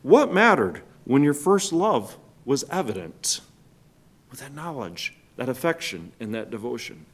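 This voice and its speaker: A man preaching a sermon as pastor, asking the congregation rhetorical questions and swinging between loud stressed words and quiet drops. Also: medium pitch, big pitch swings, unhurried, breathy edge.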